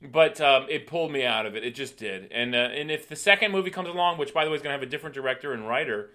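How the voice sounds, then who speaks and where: Animated ranting podcast man, bright voice. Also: medium pitch, racing. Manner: animated ranting, rising loud with exasperation. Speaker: podcast co-host. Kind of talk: casual chat.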